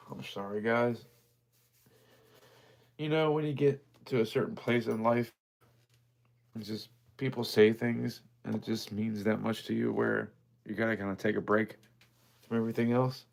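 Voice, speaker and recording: A man's voice: lowish voice, steady tone, a little slow, creaky, long pauses. A man hosting a livestream auction, chatting casually and heartfelt with viewers, emotional and near tears as he thanks them by name.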